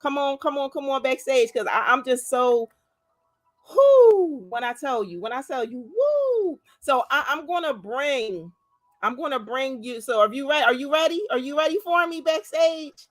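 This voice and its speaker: A woman's voice: high voice, moderate pace, fairly bright tone. A woman hosting a live stream, giving motivational, faith-filled talk that repeats words for stress and calls out to viewers by name. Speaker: livestream host.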